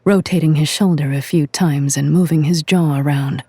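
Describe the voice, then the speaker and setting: A woman narrates a dramatic story in a measured, even way. Her voice sits low and husky. The recording is dry and close, with no room sound. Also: no echo. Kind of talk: scripted audio-drama narration.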